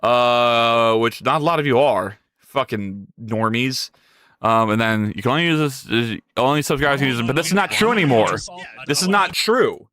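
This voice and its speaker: A man's voice: medium pitch, expressive, moderate pace, pushed and bright. A man streaming his game development live, talking to chat in a frantic, exclaiming way with a lot of swearing.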